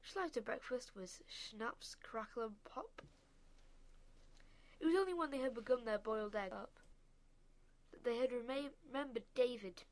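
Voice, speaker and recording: A woman narrating a children's story in a measured, expressive way. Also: fairly high pitch.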